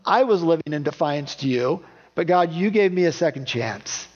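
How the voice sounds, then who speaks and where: A pastor preaches a sermon in a large hall, keeping it conversational and putting questions to his congregation. His voice is on the high side and animated, at a moderate pace, captured in a dull lo-fi recording.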